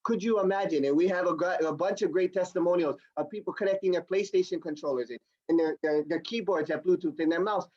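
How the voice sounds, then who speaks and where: A man giving an energetic, repetitive sales training demo on a video call. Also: high-pitched, fast talker, few pauses, highs cut off. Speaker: product demonstrator. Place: home or office on a video call.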